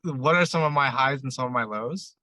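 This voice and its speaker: This ramen shop owner, a podcast guest, tells a long story in a loose, rambling way, replaying conversations line by line with plenty of "I'm like." His medium-pitched voice moves a little fast with a sharp edge, and the rough recording carries no room sound.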